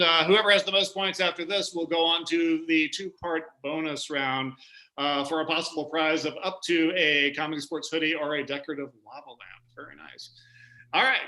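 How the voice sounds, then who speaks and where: A man's voice: high voice, pushed and bright. A man hosting an improv comedy game show parody, chatty and jokey, rambling on between questions. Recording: echoey stage room.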